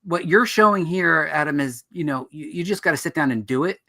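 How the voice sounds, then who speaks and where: A man's voice: on the high side, brisk, gravelly, bright, forceful tone. Eager male host asking questions. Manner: eager, jumps in with questions and observations. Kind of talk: casual interview chat.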